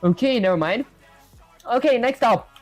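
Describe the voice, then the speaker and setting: A man's voice: very high voice, expressive, moderate pace, soft background music. A young man livestreaming as he codes, thinking aloud and reading out chat to viewers in a casual way. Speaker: livestreaming programmer. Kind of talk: casual live coding chat.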